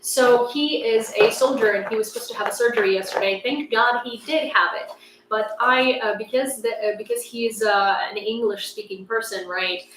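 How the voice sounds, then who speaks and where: Rambling through a casual livestream, this young news host from Ukraine fills her speech with "like." She has a fairly high, steady, slightly bright voice at a normal speed. A distant mic gives a roomy sound with faint ambience and a little hiss or hum.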